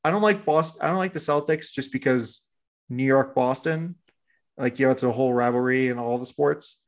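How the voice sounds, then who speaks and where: A man's voice: medium pitch, fairly quick. A laid-back man co-hosting a podcast in casual, rambling sports chat. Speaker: podcast co-host.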